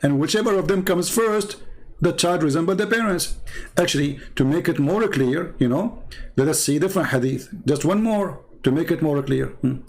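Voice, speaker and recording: Insistent man debating, slightly high voice. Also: expressive, normal speed. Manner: insistent, repeats himself, reads texts aloud and translates. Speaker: debate host. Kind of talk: heated religious debate.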